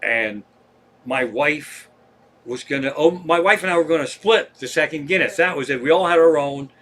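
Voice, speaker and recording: A middle-aged comedian with a Pennsylvania accent spins a long story on a live stream, cursing freely and getting worked up. His voice sits a little high and rings bright and forceful. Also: normal speed, slight background noise. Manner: profane, animated storytelling.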